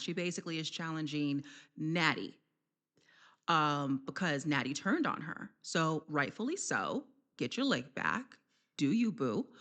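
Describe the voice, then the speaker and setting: A woman giving a casual, chatty wrestling recap vlog, laughing often and filling pauses with slang and ums. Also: lowish voice, fairly bright tone.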